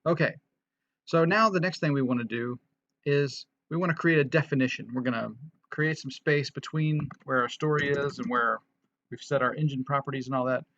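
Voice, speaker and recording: A man's voice: mid-range voice, moderate pace, fairly bright tone, dull audio, a little hiss or hum. A man casually walking through a programming tutorial, thinking aloud with frequent restarts and fillers. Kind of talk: casual screen-recorded coding tutorial.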